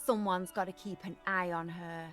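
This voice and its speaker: A woman's voice: fairly low pitch, steady tone, moderate pace, a bit bright, soft background music, natural voice. A woman voicing a hostile, foul-mouthed young graffiti painter who taunts and swears, in a video game. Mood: sneering. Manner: sneering, taunting, swears a lot.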